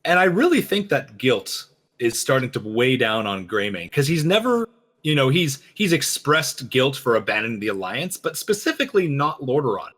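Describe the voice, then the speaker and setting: A man co-hosting a game lore reaction show, talking fast and animatedly, acting out quoted lines. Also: medium pitch, big pitch swings, a bit bright. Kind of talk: casual chat, lore analysis.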